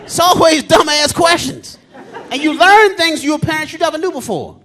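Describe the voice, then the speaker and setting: A man in his thirties doing live stand-up comedy on a theater stage, telling loud, profane stories about his kids and acting them out in squeaky shouts. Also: normal speed, some chatter behind, a little hiss or hum. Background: live audience laughter.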